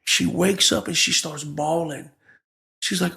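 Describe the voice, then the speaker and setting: A middle-aged pastor with a high voice and a gravelly edge tells his testimony in a relaxed podcast conversation. He acts out every quoted line with emphatic, lively delivery. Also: measured pace. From Florida, USA. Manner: vivid storyteller acting out quoted dialogue, emphatic.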